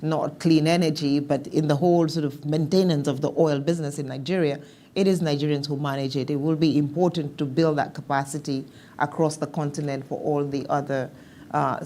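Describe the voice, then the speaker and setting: A woman speaking as a panelist in a policy discussion, measured and thoughtful, with some restarts. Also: low-pitched, mellow, a little hiss or hum.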